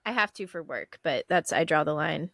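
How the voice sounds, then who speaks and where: Young woman from Florida, podcast co-host. Chatty, quick to laugh, dry close mic. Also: low-pitched, lively intonation, creaky, a bit bright, no echo. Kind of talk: casual chat.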